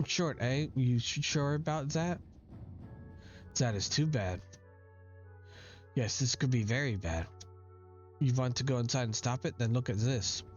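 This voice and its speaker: A man's voice: medium pitch, steady tone, normal speed, darkish tone, lightly acted. A man reading as a fussy eccentric doctor. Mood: explaining. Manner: reads game dialogue aloud. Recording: dull lo-fi recording with faint game music.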